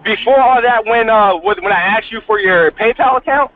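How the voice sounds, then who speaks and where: Man, high-pitched, halting and profane, heard over a thin phone-style line. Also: slight background noise. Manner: halting, repeats himself, profane. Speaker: guest in a dispute. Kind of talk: heated casual argument. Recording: tinny phone-like call audio.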